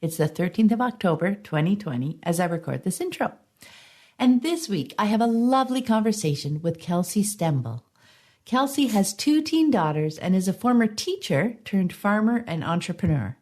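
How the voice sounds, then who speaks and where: Hoarse-sounding woman hosting a podcast. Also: medium pitch, sing-song, moderate pace, darkish tone. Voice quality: slightly hoarse, frog in throat. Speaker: podcast host. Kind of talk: podcast intro and interview.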